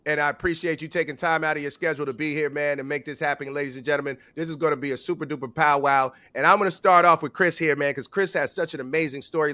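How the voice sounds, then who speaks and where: A man hosting a webinar, talking in an energetic hype-man style with lots of slang and a sing-song delivery. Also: on the high side, no room sound. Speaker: webinar host. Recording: hip hop music playing behind.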